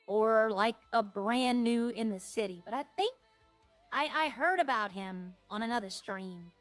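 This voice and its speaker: A woman's voice: a little high, lively intonation, measured pace, no echo, faint music behind. A woman streaming a roleplay game, chatting casually and jokily to her viewers in a rambling way.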